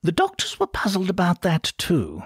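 A man's voice: high-pitched, wildly swooping pitch, moderate pace, husky, dry recording, clean studio sound, pitched above the performer's own voice, exaggerated voice. Man putting on a pompous posh English brother. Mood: condescending. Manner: plummy, pompous drawl. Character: posh, condescending upper-class English older brother.

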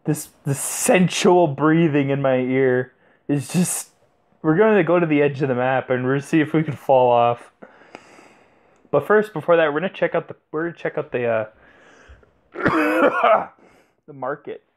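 A man's voice: a little high, lively intonation, moderate pace, long pauses. A young man casually commentating a mobile game, swearing a lot and laughing in disbelief. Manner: profane, giggly, incredulous. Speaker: gameplay commentator. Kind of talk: casual let's-play commentary.

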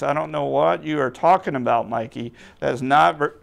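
A man's voice: fairly high pitch, normal speed, vocal fry. A man leading a children's church puppet skit, patiently coaxing the puppet and talking to the boys and girls.

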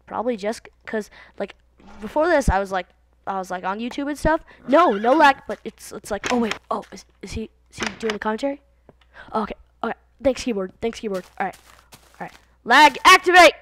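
A woman's voice: fairly high pitch, expressive, a little fast, slight background noise. A teenage girl chatting casually while playing a video game, rambling and jumping from topic to topic in a silly, offhand way, recorded on a computer mic. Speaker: gaming video host. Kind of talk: casual let's-play commentary. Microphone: computer mic, voice set low. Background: game sounds from the video game.

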